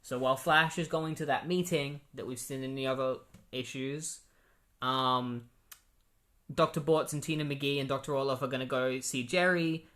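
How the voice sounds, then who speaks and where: A man casually retells a comic book story in a rambling way, full of filler words. His voice sits at an ordinary middle pitch. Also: fairly bright tone.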